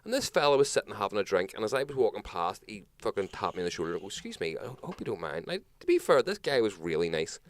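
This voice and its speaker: A man with a Northern Irish accent hosting a talk show, telling a story in an animated, sweary, casual way. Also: on the low side, quick pace, few pauses. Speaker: podcast host.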